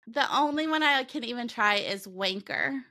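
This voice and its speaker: A woman's voice: a little high, animated, normal speed, bright, forceful tone. A woman with a light Southern American accent co-hosting a podcast, chatting casually, teasing and laughing often. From United States. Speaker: podcast co-host.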